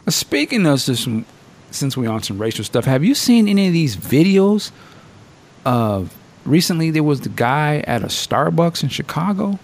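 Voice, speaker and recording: A man hosting a podcast in casual chat, telling stories with slang and swearing, jumping up high to act out quotes, and laughing often. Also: moderate pace. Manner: animated storytelling, acting out quotes in a raised voice. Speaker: podcast host.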